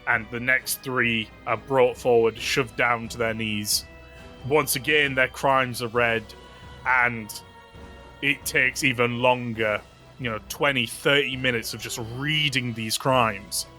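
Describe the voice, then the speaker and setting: A man's voice: mid-range voice, fairly even intonation, slow pace, bright, forceful tone, soft background music. A man running a tabletop role-playing game as game master, telling the scene in vivid, gory detail with casual fillers.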